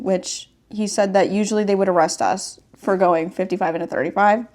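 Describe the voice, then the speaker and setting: A woman's voice: medium pitch, fairly even intonation, moderate pace, darkish tone. Chatty young woman storyteller. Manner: rambling storytelling, heavy use of "like". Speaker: podcast host. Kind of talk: casual chat.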